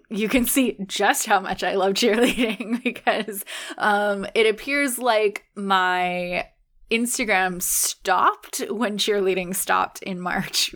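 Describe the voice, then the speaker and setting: A woman's voice: mid-range voice, gravelly, fairly bright tone. A young Canadian woman co-hosting a podcast, chatting in an upbeat, agreeable way and often laughing. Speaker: podcast co-host. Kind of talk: casual podcast chat.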